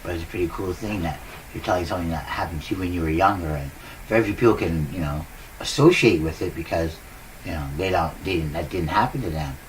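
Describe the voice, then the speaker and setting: A man's voice: low voice, fast talker, distant mic, a little hiss or hum, poor audio. A man talking to his viewers in a casual rambling monologue, upbeat and giggly, laughing often, on a new cheap microphone. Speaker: vlogger. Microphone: new cheap desk microphone.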